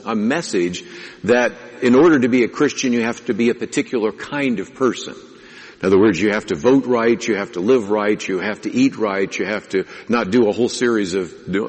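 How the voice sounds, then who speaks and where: A man's voice: fairly low pitch, husky. A man preaching a sermon as pastor, teaching in a conversational way and asking his listeners rhetorical questions. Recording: long reverb of a large hall.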